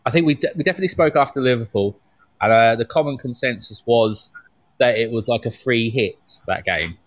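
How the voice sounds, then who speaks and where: A man talking things through in a casual chat, halting and restarting as he reasons aloud. His voice sits at a middle pitch. The recording is dry and close, with no room sound. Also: dry recording. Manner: thoughtful, halting, many restarts. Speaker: podcast co-host.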